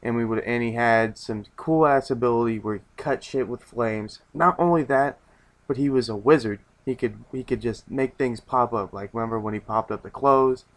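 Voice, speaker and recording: A man's voice: mid-range voice, normal speed. Rambling man giving a casual review. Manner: rambling, with many restarts and casual swearing.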